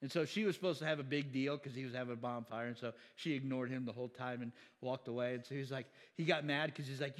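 A man preaching a sermon in an animated, chatty way, laughing often and voicing quoted people. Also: mid-range voice, fast talker, in a large hall.

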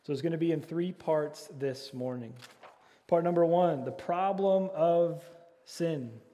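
A man's voice: fairly high pitch, a little slow, warm tone. A man preaching a sermon as pastor, earnestly repeating key phrases and leading the congregation in call and response. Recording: long hall reverb.

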